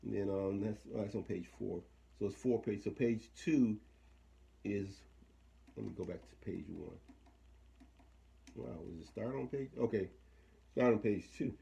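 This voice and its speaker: A man with a low, gravelly voice talks his way through a piece of equipment in a casual, halting way. He thinks aloud and often trails off or restarts his sentences as he goes. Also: dark tone. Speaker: equipment demonstrator. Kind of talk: casual hands-on gear demo.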